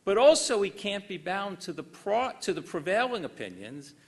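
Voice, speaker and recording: Older male lecturer, animated pitch, dry wit, formal and measured delivery. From United States. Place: lecture hall.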